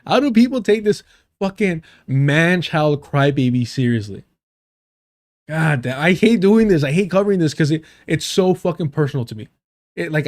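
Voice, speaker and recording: A man's voice: a little high, a little mellow. Profane, mocking male stream commentator. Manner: profane, mocking, mimics people in exaggerated voices. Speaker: livestream commentator. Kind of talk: reaction commentary on clips.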